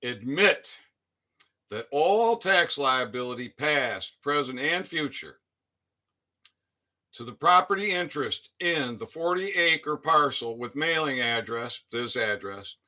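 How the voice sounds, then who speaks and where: A man's voice: mid-range voice, lively intonation, slow, pushed and bright. A man reading a list of formal legal statements aloud, with muttered asides. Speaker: citizen activist.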